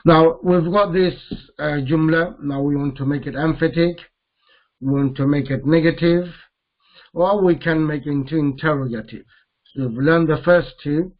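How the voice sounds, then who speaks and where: A man teaching a grammar lesson, repeating each Arabic term slowly as he mixes it into English explanations. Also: fairly high pitch, highs cut off.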